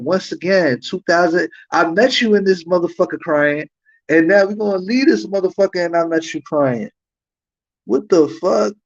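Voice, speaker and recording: A man hosting a livestream, ranting heatedly and profanely with repeated rhetorical questions. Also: a little high. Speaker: livestream host. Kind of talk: livestream commentary rant. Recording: dull lo-fi stream audio.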